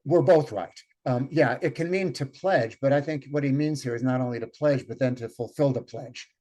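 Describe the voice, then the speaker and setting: Halting man teaching over a video call. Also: mid-range voice, dark tone. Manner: thoughtful, halting, with many fillers. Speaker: Yiddish teacher leading a group reading. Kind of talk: online lecture and read-aloud.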